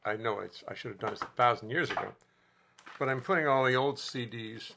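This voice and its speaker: A man's voice: medium pitch, a little fast, gravelly, pushed and bright, slight background noise. A man hosting a casual live stream from his home music studio, rambling and joking with viewers. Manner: rambling, chatty, jokes to viewers. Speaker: host and musician.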